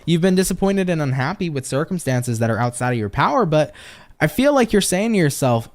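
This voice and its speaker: An upbeat man from the United States hosts a casual live-stream tarot reading. His voice sits a little high for a man and swings widely in pitch. He talks with loose swearing and pep-talk catchphrases, and he chats with viewers between cards. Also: animated, a little fast. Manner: chats with viewers and reads their comments.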